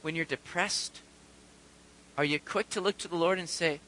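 A man preaching a sermon, reading scripture aloud and swinging between quiet earnest talk and loud urgent bursts. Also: on the high side, normal speed, long pauses, a little hiss or hum, rough recording. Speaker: pastor.

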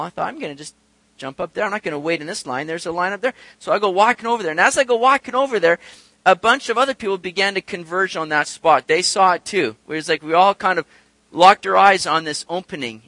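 A man's voice: high voice, bright, forceful tone, no echo. A male pastor preaching a sermon in a conversational way, telling a personal story and asking rhetorical questions.

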